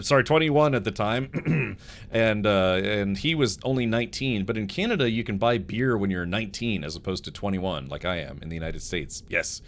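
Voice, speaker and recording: Lively low-voiced man rambling on stream. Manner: rambling storyteller, laughs often, talks to chat. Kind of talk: casual live gameplay stream chat.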